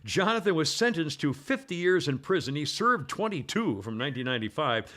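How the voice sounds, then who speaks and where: Brief: male talk radio host, bright tone, a bit high, rambling delivery with many fillers. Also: big pitch swings, brisk. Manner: rambling, hesitant with many uhs and restarts. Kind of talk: casual talk radio, reading this-day-in-history items.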